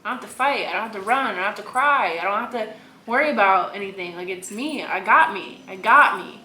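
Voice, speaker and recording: Animated and brisk, this young Virginian has a medium-pitched voice that sounds bright and forceful. She is being interviewed on a podcast and speaks candidly and with emphasis, full of "likes" and repeated phrases, while the room echoes and a faint noise runs underneath.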